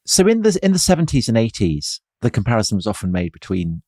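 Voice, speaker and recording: A man co-hosting a history podcast, adding measured, wry comments. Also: on the low side, wildly swooping pitch, a little mellow, no echo, studio quality. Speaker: podcast co-host.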